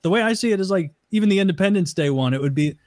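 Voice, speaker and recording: A man's voice: high-pitched, lively intonation, very fast, darkish tone. A man co-hosting a podcast, joking crudely and laughing often as he reads a merch plug. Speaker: podcast co-host. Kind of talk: casual podcast banter.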